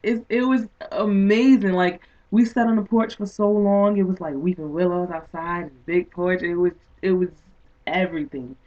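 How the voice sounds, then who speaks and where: A woman author telling a story in an interview, excited and animated, acting out what people said. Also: lowish voice, moderate pace. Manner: excited, animated retelling with quoted speech. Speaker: guest author and poet. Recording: distant, tinny phone-like sound.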